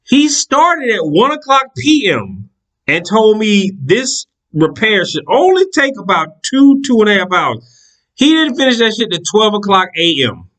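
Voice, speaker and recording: A man casually telling a personal story in an animated, profane, exasperated way. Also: sits high, a little slow.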